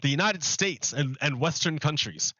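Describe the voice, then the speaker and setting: A man streaming a video game, chatting casually in a rambling, animated way and restarting his sentences often. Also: fairly high pitch, moderate pace, no room sound, dull audio. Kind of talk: casual chat while gaming.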